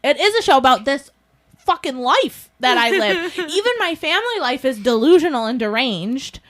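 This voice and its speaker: Woman podcast host, pretty high voice, rambling animated stories, swears a lot. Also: moderate pace. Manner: animated storyteller, swears freely, acts out quotes. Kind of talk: casual chat.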